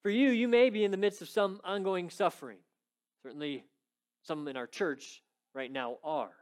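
A man with a high voice preaching to his church. He retells a story in an animated, conversational way, with frequent asides and voices for the people in it. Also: normal speed, clear, resonant tone. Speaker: pastor. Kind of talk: sermon.

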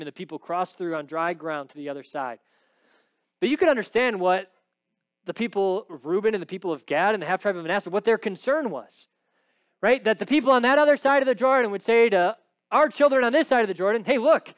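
A male preacher with a fairly high, clear and resonant voice works through a scripture passage in a sermon, stressing words emphatically and often tossing in a quick "right?" to listeners. The sound is dry and close, with no echo and almost no room ambience.

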